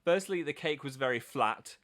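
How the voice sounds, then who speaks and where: Casual live-stream host, male, self-mocking and chatty, bright tone, recorded at home on a webcam mic. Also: a little high, lively intonation, normal speed. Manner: playful, self-mocking, reads out viewer comments.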